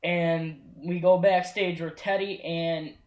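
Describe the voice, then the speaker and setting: Man, young adult, higher voice, laid-back podcast host, echoey room. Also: flat delivery, takes it slowly. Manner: laid-back, leads the rundown. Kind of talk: casual chat recapping wrestling.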